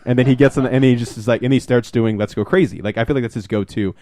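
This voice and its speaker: A man co-hosting a podcast, telling a rambling, excitable anecdote in casual chat and swearing now and then. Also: mid-range voice, very fast. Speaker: podcast co-host.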